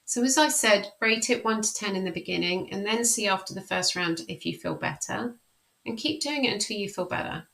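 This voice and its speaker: A woman life coach leading a guided tapping session. She speaks slow, repeated affirmations, then explains the method in a friendly way. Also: mid-range voice, animated, creaky, fairly bright tone, poor audio.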